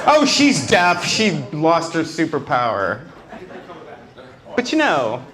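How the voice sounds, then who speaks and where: Man, stand-up comedian, high pitch, animated delivery, night club, crowd laughing. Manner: animated, acts out quotes.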